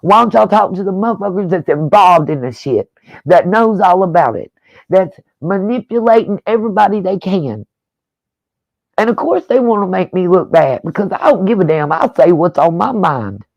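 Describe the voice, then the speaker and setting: A woman's voice: on the low side, lively intonation, moderate pace, vocal fry, darkish tone, no echo, low-quality recording. A woman true-crime YouTuber delivering a blunt, profane, combative rant, full of pointed rhetorical questions. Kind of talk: angry on-camera rant.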